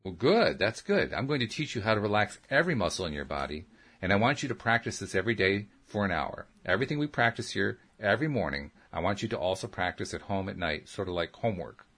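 A man voicing a calm, patient female counselor who gives slow, soothing instructions in an audiobook. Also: lowish voice, breathy edge, exaggerated voice. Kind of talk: audiobook character reading.

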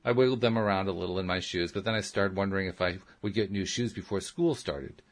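A man's voice: deep voice, quick pace. A man reading a first-person story aloud as an audiobook narrator, in a plain, earnest storytelling manner.

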